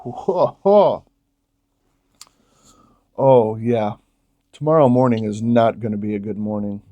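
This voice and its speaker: A man's voice: lowish voice, normal speed, muffled recording. A man from New York State doing a casual, jokey vlog as he tastes beers, exclaiming at each sip. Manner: relaxed, jokey, exclaims while tasting. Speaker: beer vlogger.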